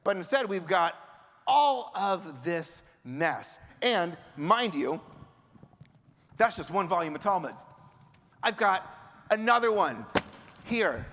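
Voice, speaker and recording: A man, a rabbi, giving a sermon in a lively, conversational way with rhetorical questions to the congregation. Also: high voice, takes it slowly, long pauses, slight background noise. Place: large sanctuary. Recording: long hall reverb.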